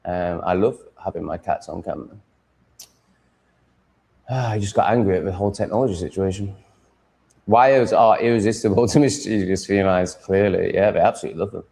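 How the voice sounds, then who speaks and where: A man's voice: low voice, brisk, creaky, darkish tone. A man with an English accent chatting with his livestream audience from home, blunt, profane and ranting. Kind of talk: casual livestream chat. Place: home room with cats.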